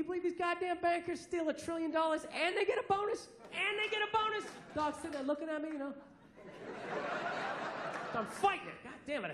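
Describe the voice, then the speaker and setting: A man's voice: very high-pitched, noisy background. A man in his forties with a Boston accent doing a stand-up comedy set, brash and profane, ranting with mock outrage. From Massachusetts, USA. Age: 40s. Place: theater stage. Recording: echoey theater with crowd laughter. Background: audience laughter and ambience.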